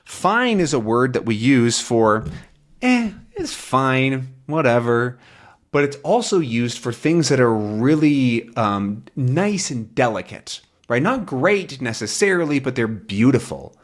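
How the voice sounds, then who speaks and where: Patient male English teacher, expressive and animated, walks learners through a comic. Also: mid-range voice, unhurried, few pauses. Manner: patient, explains words with everyday examples; animated voice, jumps into acted quotes. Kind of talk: language lesson explaining a comic.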